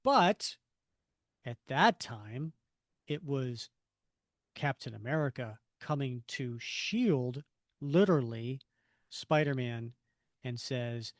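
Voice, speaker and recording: Slow-talking man recapping a comic. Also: lively intonation, no room sound, clean studio sound. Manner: retells the story with quoted lines in a lowered voice. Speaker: podcast co-host. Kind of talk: casual comic book recap.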